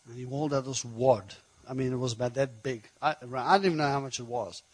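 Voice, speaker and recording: Husky-voiced male preacher telling stories. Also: mid-range voice, quick pace, few pauses, rough recording. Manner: conversational, animated preaching. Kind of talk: sermon storytelling.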